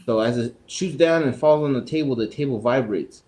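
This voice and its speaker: A man's voice: fairly quick, rough recording. A man co-hosting a podcast, telling a rambling, profane work story in a casual way and acting out the people in it. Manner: animated, acts out others in raised pitch. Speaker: podcast co-host.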